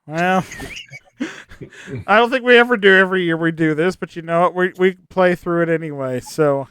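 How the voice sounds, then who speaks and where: High-voiced upbeat game show host man. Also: normal speed, a bit bright, clean tone, no echo. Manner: upbeat, laughs often, reads prompts twice. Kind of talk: hosting an online game show.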